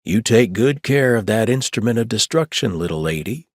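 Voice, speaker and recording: A wry, good-humored man who jokes in a mock-serious tone, with a deep, husky voice that still swings lively in pitch, as a narrator reads his lines. The sound is dry and close to the mic. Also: moderate pace, dry recording. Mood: mock Old West.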